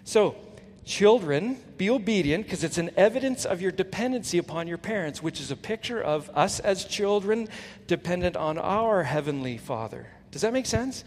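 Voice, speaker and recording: A male pastor giving an earnest sermon, swinging from emphatic peaks to soft, low asides. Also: lively intonation, normal speed. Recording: long hall reverb, faint ambience.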